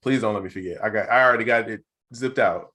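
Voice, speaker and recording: A man co-hosting a podcast in relaxed, slangy casual chat, laughing easily. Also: on the low side, fast talker. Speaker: podcast co-host.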